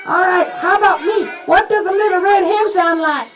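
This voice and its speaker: A man's voice: moderate pace, distant mic, heavy background noise. A man voicing a bossy, hardworking little red hen puppet in a live show, ordering everyone to get busy. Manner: high squawky, ordering everyone about. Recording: live show with a children's audience.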